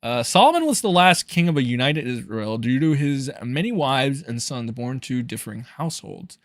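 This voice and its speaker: A man's voice: mid-range voice, big pitch swings, normal speed, dry recording, clean studio sound. A man hosting a livestream, reacting to clips in a loose, sarcastic and profane way. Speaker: livestream host.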